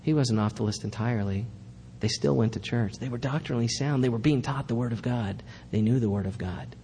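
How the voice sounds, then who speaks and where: A man's voice: medium pitch, a little fast, dark tone, big-room sound, slight background noise. A male pastor giving a sermon in a church, preaching earnestly with emphatic repetition.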